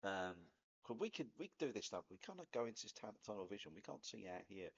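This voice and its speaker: Chatty Cockney man, lively, husky. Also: lowish voice, fast talker, highs cut off. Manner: chatty, rambling, laughs at himself. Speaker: vlogger. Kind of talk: casual spoken talk to camera.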